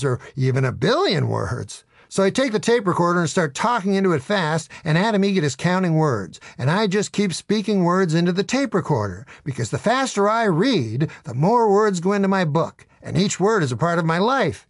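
Deadpan man reading his memoir. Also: high-pitched, creaky, dry recording, studio quality. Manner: deadpan, wry storytelling. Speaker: audiobook narrator. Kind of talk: audiobook memoir narration.

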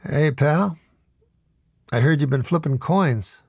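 A shrewd, dry-witted male gambler, as a man reading a story puts him on, stating odds flatly and calmly. His voice is gravelly and slow. It is recorded close and dry. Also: fairly high pitch, no echo, heavily acted. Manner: dry, matter-of-fact.

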